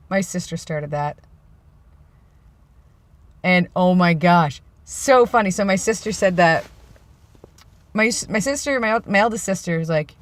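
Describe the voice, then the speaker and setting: A man's voice: high voice, moderate pace. Male vlogger, loose rambling chat, dry sarcastic humor. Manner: rambling, self-described sarcastic joker. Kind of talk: casual vlog monologue.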